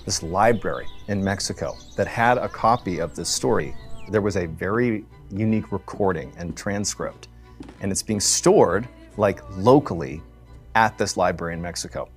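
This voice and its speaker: A man's voice: low voice, normal speed, soft background music. A man telling a strange story in a casual, conversational way, with many fillers.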